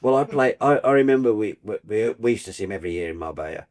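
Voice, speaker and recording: An older man, a broadcaster guest telling stories in casual chat with animated, restarting sentences. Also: on the low side, racing, no room sound, studio quality. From Birmingham, England. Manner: warm anecdotal, animated, trailing restarts.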